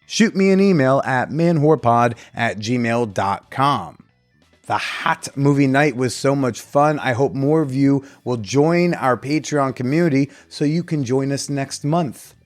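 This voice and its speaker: A man's voice: medium pitch, animated, measured pace, faint music behind. A man hosting his own podcast, chatting loosely with a guest and then reading out the show's announcements. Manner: loose, joking, a little tipsy from shots. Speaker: podcast host. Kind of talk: casual chat and show announcements.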